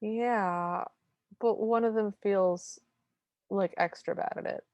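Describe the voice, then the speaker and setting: A woman's voice: mid-range voice, steady tone, slow pace, a little mellow, dry recording. A woman co-hosting a podcast who reacts with short, wry comments and asides. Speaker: podcast co-host. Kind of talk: casual chat.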